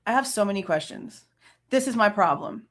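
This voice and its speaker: A woman's voice: medium pitch, lively intonation, moderate pace, a bit bright. A woman in her late thirties, hosting a true crime channel, ranting with heated, profane exasperation. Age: late 30s. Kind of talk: angry reaction rant.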